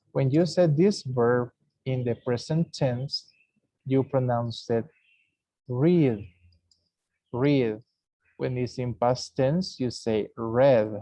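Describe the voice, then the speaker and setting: A man teaching English, explaining slowly and repeating example words aloud. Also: mid-range voice, a little mellow, no room sound, muffled recording. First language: Spanish. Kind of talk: classroom lesson recording.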